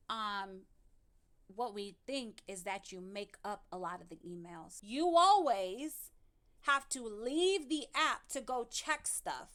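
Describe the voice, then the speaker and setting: Higher-pitched woman scolding in commentary. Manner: scolding, sarcastic, addresses the clip directly. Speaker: commentary channel host. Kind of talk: reaction commentary.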